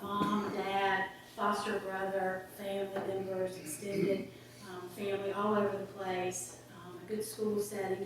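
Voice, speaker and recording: A woman's voice: mid-range voice, background noise. A woman telling an earnest, folksy story to a club meeting, with frequent ums. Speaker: guest speaker on a volunteer advocate program. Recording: echoey hall from far off.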